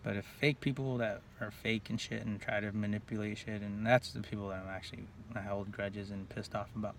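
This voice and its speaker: A man's voice: fairly low pitch, level tone, fairly quick. A man, rambling through a profane personal story in a casual monologue, full of "like" and restarts. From Northern California. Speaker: vlogger telling personal stories. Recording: distant mic with faint background noise.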